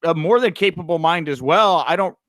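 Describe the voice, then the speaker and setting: A man's voice: on the high side, brisk, dry recording. A young man hosting a wrestling news podcast, chatting casually and telling stories with a lot of "uh" fillers. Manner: animated storyteller, frequent "uh" fillers. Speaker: podcast host.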